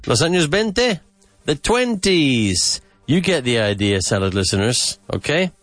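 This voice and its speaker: A man hosting a podcast vocabulary lesson, repeating words slowly and with emphasis. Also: fairly high pitch, big pitch swings, a bit bright, dry recording, faint music behind. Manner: slow, emphatic repetition of words. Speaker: English teacher and podcast host.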